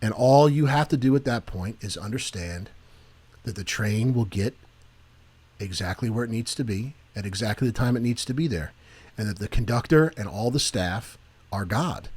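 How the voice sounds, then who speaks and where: A man co-hosting a Christian podcast in casual chat, jumping from animated joking to earnest preaching. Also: fairly low pitch, normal speed, breathy edge. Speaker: podcast co-host.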